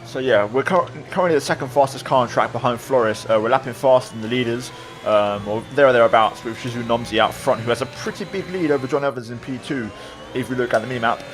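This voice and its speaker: A man talking through a replay of his own online race, relaxed and reflective, with many fillers. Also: mid-range voice, quick pace. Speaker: sim racing video creator. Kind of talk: replay commentary voice-over.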